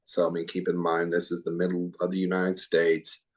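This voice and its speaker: A man's voice: low-pitched, completely flat delivery, a little fast. Earnest middle-aged man from Oklahoma. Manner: earnest, reflective, emphatic. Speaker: hair educator guest. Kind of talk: podcast interview chat.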